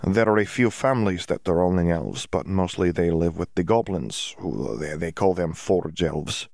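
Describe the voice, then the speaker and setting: A man's voice: sits low, normal speed, vocal fry, a little mellow, dry recording, studio quality. A man voicing a cheerful young foreign wizard student in an audiobook, who stammers and hunts for words in broken English.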